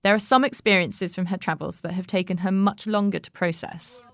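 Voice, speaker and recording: A woman hosting, narrating in a measured, reflective way between interview segments and asking questions. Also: fairly low pitch, steady tone. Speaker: host, interviewer.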